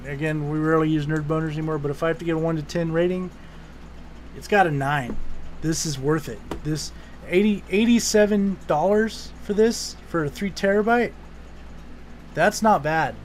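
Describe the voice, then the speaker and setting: A man's voice: fairly high pitch, moderate pace, slight background noise. A man hosting a podcast, talking in a rambling, casual way with swearing and restarts. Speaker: podcast host.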